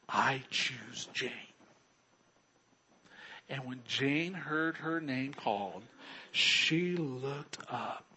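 A man preaching a sermon, earnest and unhurried, swinging between loud bursts and quiet low drops. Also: a little hiss or hum, rough recording. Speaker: pastor.

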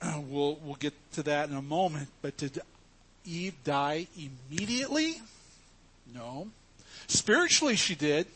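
A man's voice: fairly high pitch, a bit bright. A man preaching a sermon to his congregation, emphatic and earnest as he teaches from scripture. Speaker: pastor.

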